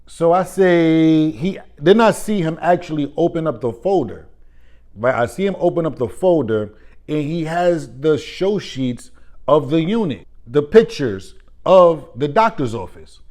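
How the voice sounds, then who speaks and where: A real estate agent venting about another agent, telling the story with quoted dialogue and repeated disbelieving questions. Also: male voice, on the high side, darkish tone. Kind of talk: ranting vlog.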